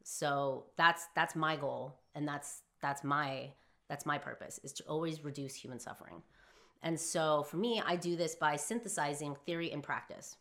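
A young woman telling a personal story in an emphatic, profane monologue, swinging from hushed to shouting. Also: low-pitched, normal speed. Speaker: philosophy vlogger.

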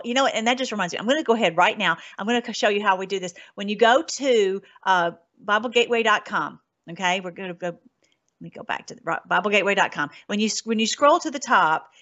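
A woman's voice: a little high, fairly bright tone, dull audio. A woman hosting a political talk show, speaking in an earnest, rambling, emphatic way. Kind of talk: casual political commentary.

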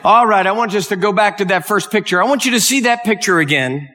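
A man's voice: sits high, fast talker, pushed and bright, long reverb tail, slight background noise. A man preaching a sermon, telling a story with rising emotion and urging his listeners on. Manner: emotional, rising to impassioned exhortation.

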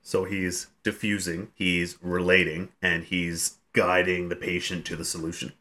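Woman co-host, extremely low voice, dry wisecracks, casual chat. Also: little pitch movement, a little slow, fairly bright tone. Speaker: podcast co-host.

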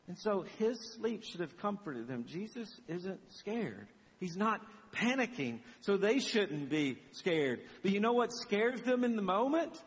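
A man's voice: high voice, normal speed, few pauses, long reverb tail, slight background noise. A middle-aged man preaching a sermon as pastor, telling stories animatedly and acting out the dialogue. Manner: animated storytelling, acts out dialogue.

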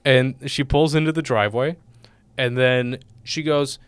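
A young man from Illinois telling a profane, animated story in casual podcast chat. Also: medium pitch, unhurried, clear, resonant tone, no room sound. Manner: animated, profane, acts out voices in anecdotes.

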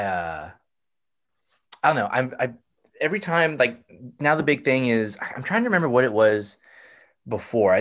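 A man hosting a casual podcast chat, enthusiastic but halting, often restarting his sentences. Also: mid-range voice, a bit bright.

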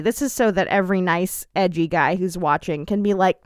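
Sarcastic woman recapping, smooth dry voice. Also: lowish voice, a little fast, few pauses, no echo. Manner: dry, sarcastic, frequent ums. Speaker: podcast co-host. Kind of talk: casual recap chat.

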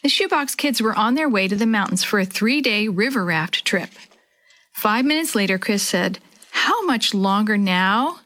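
A woman narrating a children's story aloud in a clear, expressive storytelling manner. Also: mid-range voice, moderate pace.

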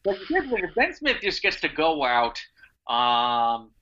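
A man's voice: fairly high pitch, wildly swooping pitch, unhurried, pushed and bright. A man, a stand-up comedian, chatting loosely with other comics and trading crude jokes. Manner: laid-back, rambling, trades crude jokes. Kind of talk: casual chat among comedians. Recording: dull lo-fi sound.

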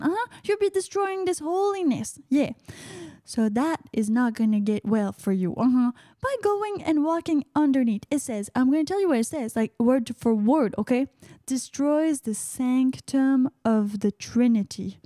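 Chatty female radio host, high-pitched and playful, dry close mic. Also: warm tone, dry recording. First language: French. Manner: playful, chatty, sprinkles "uh-huh" affirmations. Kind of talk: casual radio monologue.

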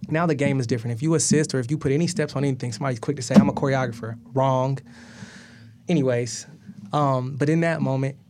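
A man in his thirties, a guest, telling a long story in a casual and animated way, laughing often, swearing, and acting out what others said. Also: mid-range voice. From Atlanta, US.

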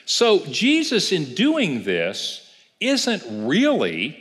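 A man's voice: on the high side, wildly swooping pitch, drawn-out words, fairly bright tone. A man pastor giving a casual Bible class, telling the story and asking the class questions. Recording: reverberant church hall.

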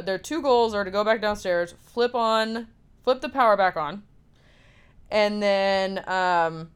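A young woman tells a film's story in a loose, chatty way, peppering her sentences with fillers and the occasional curse. Her voice is smooth and clear, sitting at an ordinary pitch for a woman. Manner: casual, filler-heavy storytelling with frequent "like" and swearing. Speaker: film recapper. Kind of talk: casual film recap.

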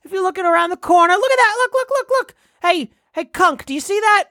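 A man voicing an excitable male parade radio announcer who rambles in hyped, shouty patter. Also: very high voice, fast, no echo, studio quality, voice pushed up, heavily acted. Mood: excited. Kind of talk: improvised comedy bit.

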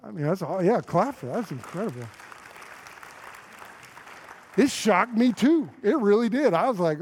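A male pastor giving a sermon, telling a story with acted-out dialogue and dropping to a hush on key lines. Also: high-pitched, sing-song, fairly quick, breathy edge, some chatter behind.

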